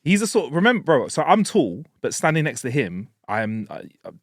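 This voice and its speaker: A man's voice: fairly high pitch, a little fast, no echo, studio quality. Teasing man, podcast co-host. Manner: teasing, relaxed, uses slang. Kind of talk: casual comedy podcast chat.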